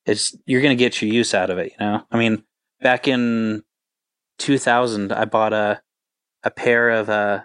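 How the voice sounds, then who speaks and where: A man in his forties, a touring band guitarist, telling stories in a relaxed, rambling interview with lots of filler words. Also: lowish voice, a little slow, smooth, dry recording. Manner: rambling, laid-back, full of filler words. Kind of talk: casual interview storytelling.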